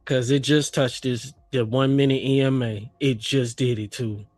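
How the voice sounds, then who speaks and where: A man's voice: mid-range voice, fairly even intonation, normal speed, a little mellow, no echo. A man co-hosting a trading livestream in casual slangy banter, feeling unwell and coughing a bit. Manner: laid-back slangy banter, hums and sings bits. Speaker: co-host trader.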